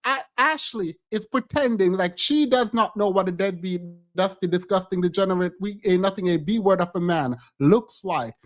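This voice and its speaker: A man's voice: high voice, normal speed, hardly any pauses. A man streaming reaction commentary on reality TV clips, exasperated and ranting, repeating words for emphasis.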